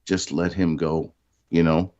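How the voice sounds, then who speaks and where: A man's voice: deep voice, flat delivery, a little slow, a little mellow, highs cut off. A man in casual chat, rambling and crude.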